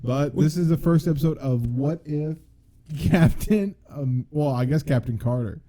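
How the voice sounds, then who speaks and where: A man's voice: on the high side, unhurried, mellow. A young man from the United States co-hosting a casual podcast, joking and laughing often. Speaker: podcast co-host. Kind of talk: casual chat.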